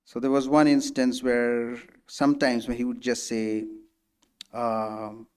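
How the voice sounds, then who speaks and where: A man speaking as a guest lecturer, at a pitch in the middle for a man. His talk is loose and conversational, with frequent false starts, and he briefly acts out the people in his stories. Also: level tone, takes it slowly, darkish tone, clean tone. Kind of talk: spiritual lecture, storytelling.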